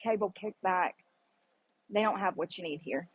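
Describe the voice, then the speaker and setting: Speaking into her camera at a public gym, this female vlogger has a husky, medium-pitched voice and a normal speed. The lo-fi recording carries no room sound. Her gym vlog talk is casual and chatty, and she is blunt and swears as she describes her workout.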